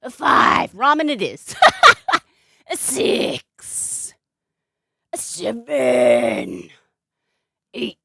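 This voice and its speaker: Animated woman streamer, playful sing-song. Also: a little high, drawn-out words, vocal fry, long pauses, slightly rough, dry recording, studio quality. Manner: playful, sing-song baby talk to her cat. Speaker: streamer and balloon artist. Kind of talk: casual live-stream chat.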